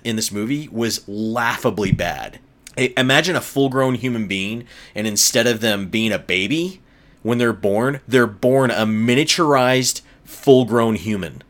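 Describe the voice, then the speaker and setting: Low-voiced man in an exasperated rant. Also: a bit bright. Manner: exasperated, ranting, swears often. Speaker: film reviewer. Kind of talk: casual spoken movie review.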